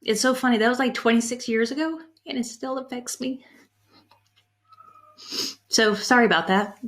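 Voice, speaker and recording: A middle-aged woman giving a conference talk on leadership, an animated storyteller who is candid and emotional about her past. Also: on the high side, moderate pace. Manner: animated storyteller, acts out quoted people in her anecdotes. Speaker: conference breakout speaker on leadership.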